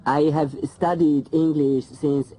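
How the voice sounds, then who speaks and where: Slow, hesitant Frenchman with a mellow voice. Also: on the high side, steady tone, poor audio. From France. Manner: hesitant, halting. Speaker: learner recounting experience. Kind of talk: scripted audio lesson monologue.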